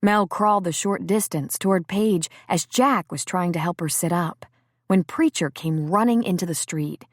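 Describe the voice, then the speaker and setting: A woman narrating a novel in a steady, measured audiobook reading. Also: on the low side, no room sound, studio quality. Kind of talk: scripted narration.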